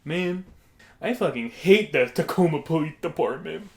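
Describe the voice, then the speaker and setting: A man putting on the voice of an odd, egg-shaped adult man who bluntly repeats his gripes at a fast-food counter. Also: fairly high pitch, expressive, creaky, a little mellow. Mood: insistent.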